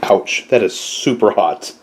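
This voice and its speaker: A man's voice: fairly low pitch, measured pace, slight background noise. A man talking casually through a home how-to vlog, rambling into chatty asides as he works in his kitchen. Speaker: gun owner vlogger.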